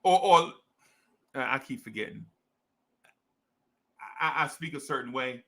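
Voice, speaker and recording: With a mid-range, expressive voice, a little slow, with vocal fry, frequent pauses, and a sharp tone, this young Jersey man hosts a casual sports stream. He talks to fans in a slangy, repetitive, hype style and a New Jersey accent.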